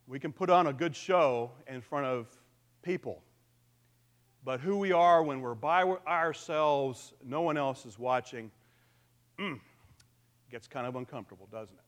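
A man's voice: fairly high pitch, a bit bright. A man pastor giving a conversational sermon, asking the congregation questions and using humor.

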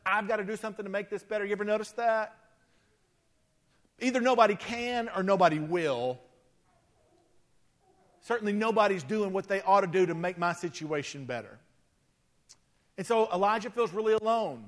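A man preaching with a high, light voice. He talks to the congregation in a casual, conversational way and often doubles words as he begins a phrase. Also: moderate pace, long pauses. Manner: conversational, repeats words when starting phrases. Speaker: pastor. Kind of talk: sermon.

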